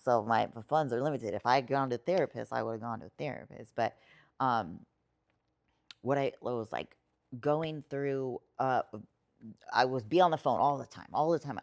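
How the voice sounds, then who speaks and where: Deep-voiced woman rambling thru a personal story, lots of likes and swearing. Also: moderate pace. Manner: rambling, filler-heavy, swears freely, emotional. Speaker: podcast guest, writer and poet. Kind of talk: casual storytelling conversation.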